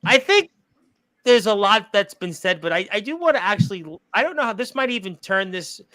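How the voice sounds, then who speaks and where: A man hosting a casual talk show with a high, bright voice. He is excitable and laughs often as he chats with guests. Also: a little fast, no echo. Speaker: host. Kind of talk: casual podcast chat.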